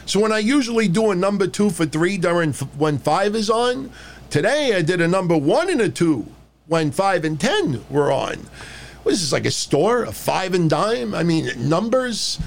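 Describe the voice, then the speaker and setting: A man's voice: sits high, very animated, moderate pace, creaky. A man hosting a casual podcast, ranting in a blunt, profane and mocking way. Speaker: podcast host. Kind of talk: casual wrestling podcast rant.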